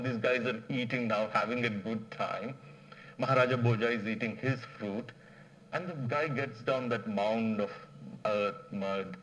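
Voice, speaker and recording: Animated man telling a folk tale. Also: medium pitch, poor audio. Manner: animated, digressive, many fillers. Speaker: speaker at a management association. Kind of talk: storytelling talk.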